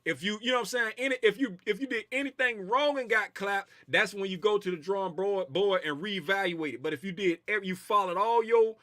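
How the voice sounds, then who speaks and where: A man hosts a casual trading livestream, reading viewer comments in loose slang and repeating his phrases. His voice sits high and sounds pushed and bright, with a fairly quick pace, few pauses and no echo.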